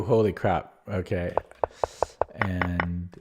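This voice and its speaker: Low-voiced man musing over chess. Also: animated, measured pace, music in the background. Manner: thinks aloud, hesitant with many fillers and restarts. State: losing his voice. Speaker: chess streamer. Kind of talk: casual game commentary.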